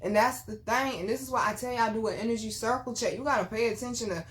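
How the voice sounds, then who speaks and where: A woman vlogger telling her own story to viewers, blunt and full of swearing, dropping to low murmurs and then bursting out loud. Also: quick pace. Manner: blunt, profane, animated storytelling. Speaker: spiritual reader and vlogger. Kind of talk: candid storytime chat to viewers.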